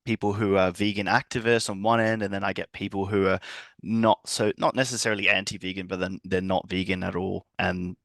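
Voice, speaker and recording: Low gravelly male podcast host. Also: little pitch movement, brisk, fairly bright tone, dry recording. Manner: hesitant, restarts and fillers. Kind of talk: casual podcast conversation.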